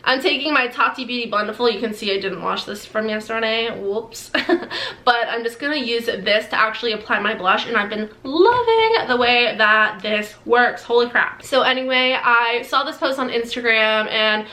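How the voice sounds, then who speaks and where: A woman's voice: on the high side, normal speed, sharp tone. A young woman chatting casually as a beauty vlogger, full of "like" fillers and little giggles. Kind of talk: casual get-ready-with-me chat. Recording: echoey room.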